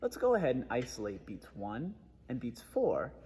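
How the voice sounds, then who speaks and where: A man's voice: mid-range voice, wildly swooping pitch, normal speed, darkish tone, slightly rough, long reverb tail. A man giving a methodical trombone lesson, explaining articulation step by step. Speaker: trombone teacher. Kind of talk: instructional music lesson.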